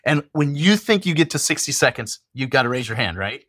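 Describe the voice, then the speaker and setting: A middle-aged man, a university administrator, telling lively stories in a casual chat and laughing often. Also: medium pitch, a little fast, slightly rough, no echo, clean studio sound. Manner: animated storyteller, laughs often. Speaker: university student affairs administrator.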